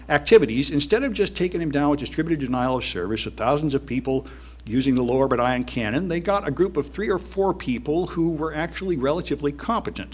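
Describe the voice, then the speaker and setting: A man's voice: fairly high pitch, slightly rough. A man giving a conference talk in a wry, dismissive, conversational way, with plenty of "um"s and "anyway"s. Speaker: conference speaker. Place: conference hall.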